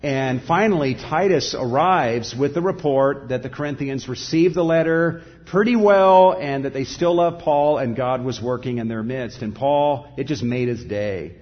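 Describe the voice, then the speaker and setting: Middle-aged male pastor, earnest sermon delivery, mid-pitched voice, slightly muffled recording. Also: moderate pace, few pauses. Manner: earnest, sometimes drops to a soft hush.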